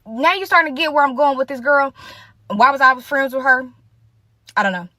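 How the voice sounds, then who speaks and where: A woman's voice: sits high, fairly quick, sharp tone, dry recording. A woman in her late twenties hosting a casual storytime monologue, chatty and talking straight to her viewers. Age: late 20s. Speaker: storytime host.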